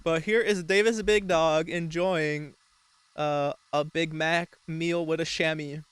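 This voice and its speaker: A man's voice: fairly high pitch, steady tone, slow, smooth, no room sound. A man hosting a show, talking in a rambling, mock-serious casual way with frequent swearing. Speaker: show host. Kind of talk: casual comedic commentary.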